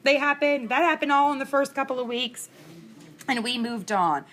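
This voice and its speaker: A woman's voice: high-pitched, normal speed, a bit bright. A woman in her thirties giving a casual lecture, candid and chatty, laughing through personal stories. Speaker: instructor. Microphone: screencast recording mic.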